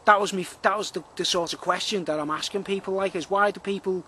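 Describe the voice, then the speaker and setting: A man talks on and on in a high, bright voice, circling back with fillers and repeats. He records a rambling monologue outdoors in the woods, with faint background noise under his voice. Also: steady tone, quick pace. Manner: rambling, repetitive, full of fillers. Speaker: vlogger.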